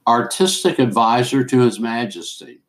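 A man's voice: mid-range voice, moderate pace, natural voice. A man reading aloud and voicing a suave, formal male embassy art advisor with polite, ingratiating speech. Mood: courtly.

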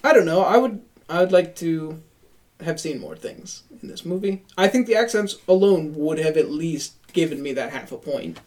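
A man's voice: on the high side, expressive, moderate pace, a little mellow, far from the mic. A man on a movie review podcast, arguing his point and giving scores in a casual debate. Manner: argumentative, gives scores.

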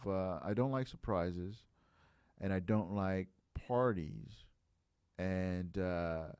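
A man's voice: low-pitched, a little mellow, smooth, no room sound, studio quality. A man in his late thirties chatting casually on a podcast, reflective and rambling, full of filler phrases. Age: late 30s.

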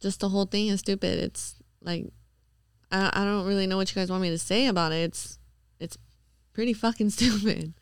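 Blunt, profane woman for a casual podcast; smooth tone, dry mic. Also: mid-range voice, fairly even intonation, a little fast, no room sound. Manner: blunt, swears freely, laughs easily. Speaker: new podcast member.

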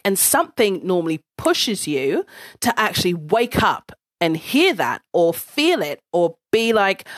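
A woman telling a personal story in a casual, blunt monologue. She swears freely and speaks with an animated delivery. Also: medium pitch, dry recording, studio quality.

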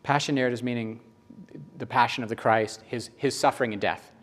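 A man's voice: steady tone, brisk, fairly bright tone. A middle-aged man preaching a sermon in a conversational, emotional storytelling manner. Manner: conversational, emotional storytelling with sudden rises in pitch.

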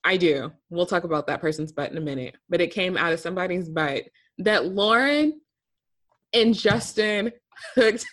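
A woman's voice: on the low side, normal speed, a bit bright. A woman co-hosting a casual recap podcast, ranting with exasperation and laughing often. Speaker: podcast co-host.

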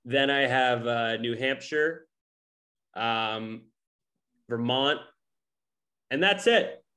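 A man's voice: medium pitch, very slow, sharp tone. A young man from New England, talking loosely in casual chat with lots of fillers.

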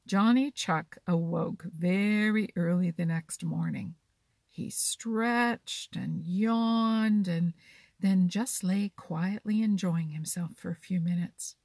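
A woman reads a children's storybook gently, at a slow pace. Her voice is low, husky and gravelly. The recording is dry and close to the mic. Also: dry recording.

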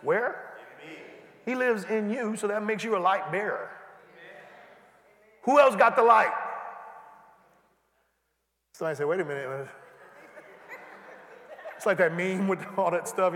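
A man preaching a sermon, calling out to the congregation and building to shouts. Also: high-pitched, normal speed, long pauses. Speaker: pastor. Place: large church hall. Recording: echoey church hall.

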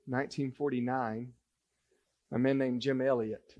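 A man's voice: medium pitch, little pitch movement, a little slow, a little mellow, muffled recording. A man preaching a sermon to a congregation, earnest and building to emphatic points as he reads scripture. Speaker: pastor. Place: church sanctuary.

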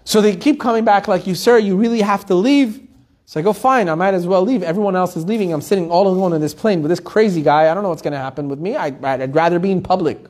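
A man telling stories in a Torah class, acting out the people in them with lively shifts of voice. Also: sits high, quick pace. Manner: animated storytelling, acting out the people in his stories. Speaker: Torah teacher.

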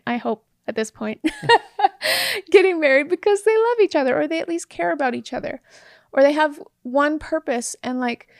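A high-pitched woman talks about relationships in a casual, earnest, chatty way and laughs often. Her voice is recorded close and dry, with almost no room sound. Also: no room sound. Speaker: co-host, married partner. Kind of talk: casual relationship advice chat.

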